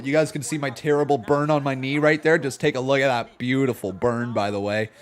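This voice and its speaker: A man hosting a live wrestling watch-along stream, talking in a jokey, excitable, self-mocking way from a home setup. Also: medium pitch, a little fast, few pauses. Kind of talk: live-stream reaction commentary.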